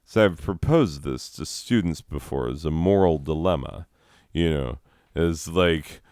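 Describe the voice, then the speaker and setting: A man's voice: rumbling low, animated, a little slow, a little mellow, no echo, studio quality. A middle-aged man delivering a profane comedic monologue, swinging between mock-formal reading and swearing rants.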